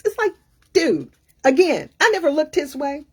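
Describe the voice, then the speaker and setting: A middle-aged woman coach telling a story in a casual, animated, sassy way. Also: high-pitched, normal speed. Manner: animated, sassy, acts out other people's lines. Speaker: career coach.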